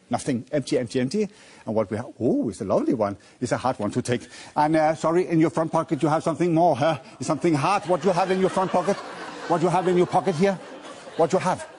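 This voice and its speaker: A man's voice: on the high side, darkish tone, husky. Playful man doing a pickpocket stage act. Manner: playful, teasing, coaxing audience volunteers. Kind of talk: live stage patter with volunteers.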